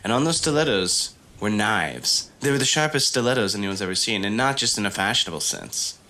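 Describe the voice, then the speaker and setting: A man co-hosting a podcast, improvising a comic story in a playful, quick way. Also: fairly low pitch, expressive, sharp tone. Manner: playful, quick, laughs often. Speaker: podcast co-host.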